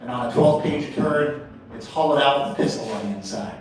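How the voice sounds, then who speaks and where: A man's voice: mid-range voice, brisk, slight background noise. A man in his forties from Portland, Oregon, doing crude, profane open mic stand-up and bantering with the crowd in a small venue. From Portland, Oregon, USA. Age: 40s. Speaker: stand-up comedian. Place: small comedy venue, indoors. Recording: echoey venue, distant mic.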